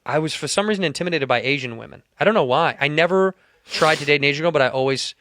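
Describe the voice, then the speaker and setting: A man co-hosting a podcast, teasing and needling in casual comedic chat, with loud laughs. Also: fairly high pitch, fast talker. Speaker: podcast co-host.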